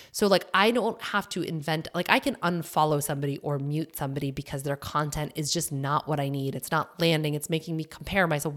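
A young adult woman hosting her own podcast, talking casually and animatedly, with lots of "like" and "you know". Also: low voice. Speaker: podcast host. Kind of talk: casual solo podcast monologue.

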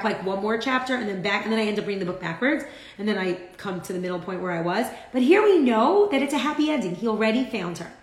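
A woman teaching a casual Torah class in a chatty, filler-heavy way, often acting out little quotes as she explains. Her voice sits at a middling pitch, and the room adds a noticeable echo around her.

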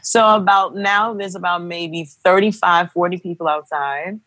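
A young woman casually telling a dramatic personal story, animated and acting out the voices of the people in it. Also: on the low side, moderate pace, dry recording. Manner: animated, acts out quoted voices. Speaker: guest telling a birth story.

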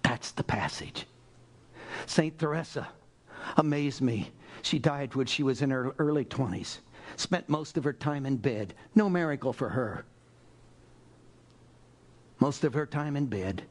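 An older man preaching a fervent sermon, dropping to hushed murmurs and rising to loud pleas. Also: medium pitch, animated, unhurried, creaky, pauses often, husky.

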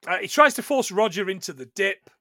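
A man hosting a casual podcast chat, joking, swearing and putting on quick voices for the characters he retells. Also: high voice, expressive, bright, forceful tone, no echo. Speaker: podcast host.

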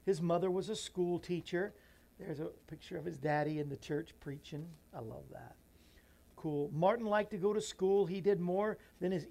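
Emotional man reading a children's book. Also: high-pitched. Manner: emotional, voice drops soft and near tears; earnest, folksy asides to listeners. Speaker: radio show host.

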